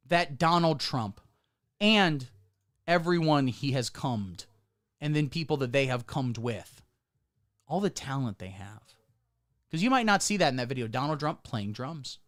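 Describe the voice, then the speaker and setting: A man streaming sarcastic commentary, swinging between deadpan mutters and sudden squeaky outbursts. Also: normal speed. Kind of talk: satirical livestream commentary.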